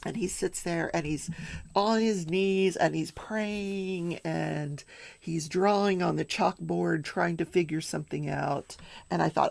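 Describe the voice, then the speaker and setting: An older woman hosting a daily crafting show, recapping a trial in casual chat with animated storytelling and hushed asides. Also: deep voice, a little slow, gravelly, no room sound. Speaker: daily crafting and true crime show host.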